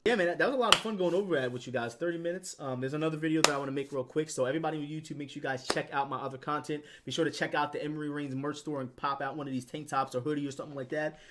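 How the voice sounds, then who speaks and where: A man's voice: on the high side, very fast, hardly any pauses, slight background noise. A man in his twenties giving casual commentary as a gaming YouTuber, with laid-back slangy talk, swearing and lots of filler words. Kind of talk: casual commentary on a ranking list.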